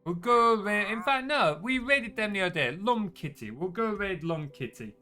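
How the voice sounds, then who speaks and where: A man's voice: sits high, animated, normal speed, pushed and bright, soft background music. A man hosting a live game stream, chatting casually, laughing often and greeting viewers. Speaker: streamer host.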